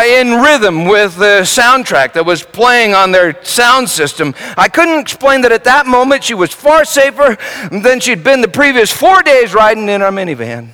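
A man preaching a sermon through a personal story, told in an animated way that swings from hushed and soft to shouting. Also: high voice, big-room sound.

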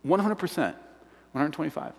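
A high-voiced male pastor preaching in a large church hall with a long reverb tail. He acts out the voices in his story, jumping from excited shouts down to soft, hushed whispers. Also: fairly quick, slightly rough. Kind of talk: sermon.

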